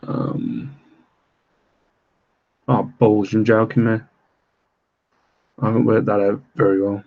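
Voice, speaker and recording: A British man hosting a late-night live stream from home, talking quietly so he won't wake his kids, rambling casually with fillers and little laughs. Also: fairly low pitch, level tone, slow pace, gravelly, phone-quality sound. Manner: rambling, with many fillers and self-deprecating laughs. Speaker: live stream host reselling items online. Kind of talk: casual live-stream chat while reading viewer comments.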